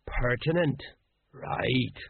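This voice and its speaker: A man playing a sly, drink-loving middle-aged male sergeant with a knowing delivery and a very husky voice. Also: a little high, animated, moderate pace, no echo. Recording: dry, phone-like narrow sound.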